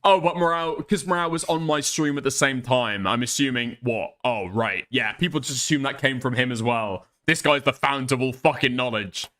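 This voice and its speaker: A man's voice: mid-range voice, normal speed, few pauses, bright, forceful tone. A man streaming live, reacting to a clip with profane, exasperated commentary and laughing asides.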